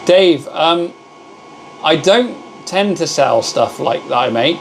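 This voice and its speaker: A man's voice: on the high side, expressive, slow pace, gravelly, low-quality recording. Chatty man over machine hum. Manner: chatty, greets viewers and calls them mate. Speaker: livestream host. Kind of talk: casual live-stream chat. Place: home workshop with laser machines.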